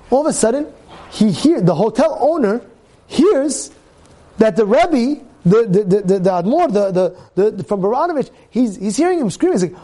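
A man telling a story in a lively sermon, often repeating words as he goes. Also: sits high, normal speed. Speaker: rabbi teaching a Torah class.

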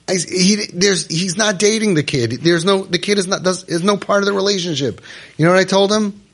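A man leading a parent support group, speaking to a live audience in a room in a lively way with lots of fillers and acted-out quotes. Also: high-pitched, normal speed, husky. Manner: animated, acts out quoted voices, many fillers.

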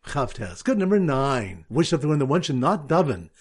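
A man's voice: fairly high pitch, sing-song, brisk, husky. A man, a rabbi, teaching a Talmud lesson with memory aids and a quiz, reading Aramaic in a sing-song lilt.

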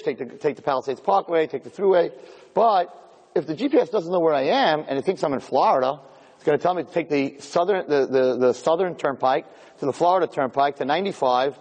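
Speaking with fairly high pitch in a space that sounds big, a male lecturer of Torah classes entertains his audience. His humorous lecture is full of stories, which he tells with animation while acting out the scenes.

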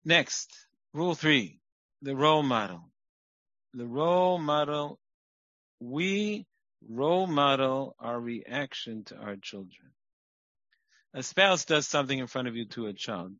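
A man giving a lecture on parenting, emphatic, shifting between quiet asides and loud points. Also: mid-range voice, expressive, slow pace, long pauses, dry recording. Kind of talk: recorded lecture. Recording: dull lo-fi dry recording.

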